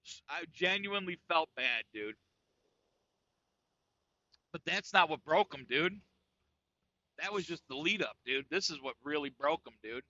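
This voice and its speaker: A man's voice: fairly high pitch, lively intonation, unhurried, long pauses, sharp tone, no room sound, dull audio. A man from New York telling a comic story on a podcast, profane and saying "dude" after nearly every phrase. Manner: profane, says "dude" constantly. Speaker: podcast co-host. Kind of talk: casual comedic storytelling.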